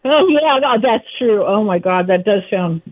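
A woman phoning in to a radio show, hoarse from a lost voice, eager and chatty with many fillers. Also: mid-range voice, moderate pace. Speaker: caller. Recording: muffled phone call.

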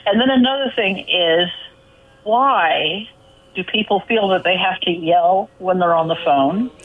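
A woman's voice: fairly low pitch, unhurried. A woman calling in to a radio show, chatting in a rambling, storytelling way. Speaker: caller. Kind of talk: casual phone chat. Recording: tinny phone line.

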